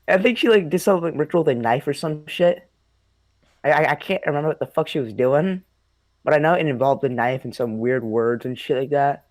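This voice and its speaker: A man's voice: on the high side, expressive, a little fast, no echo. A young man casually telling a spooky childhood story, rambling, swearing a lot and laughing often. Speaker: host.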